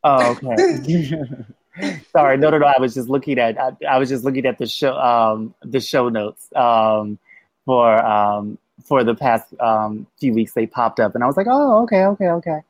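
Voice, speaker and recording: A man's voice: mid-range voice, steady tone, a little slow, no echo. A man co-hosting a podcast in casual chat, easygoing and agreeable, rambling a little as he talks. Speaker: podcast co-host.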